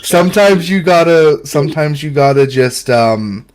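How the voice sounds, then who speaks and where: A man's voice: a little high, animated, measured pace. A man in casual livestream chat who rambles and trails off mid-sentence.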